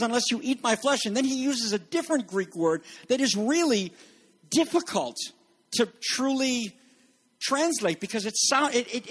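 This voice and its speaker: A man's voice: very high voice, husky. A middle-aged man preaching a sermon as pastor, acting out quoted voices as he goes. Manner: animated, acts out quoted voices.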